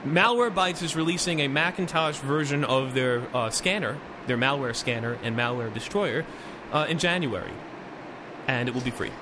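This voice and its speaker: A man's voice: mid-range voice, moderate pace, noisy background. A man hosting a casual tech podcast, reading news items with loose asides and restarts. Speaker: podcast host.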